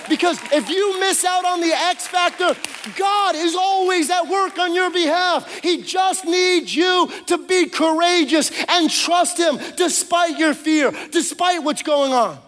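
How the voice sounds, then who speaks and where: A male pastor with a strikingly high voice preaches with casual, slangy energy and bursts of shouting. His words ring through a large church hall with long, echoing reverb. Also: measured pace, slight background noise. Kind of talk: sermon.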